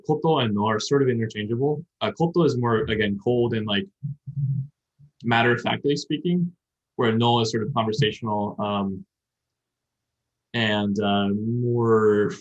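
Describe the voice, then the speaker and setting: A man hosting a podcast, explaining grammar at length in a casual chat and thinking aloud as he goes. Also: medium pitch. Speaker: podcast host teaching Japanese. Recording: dull lo-fi sound.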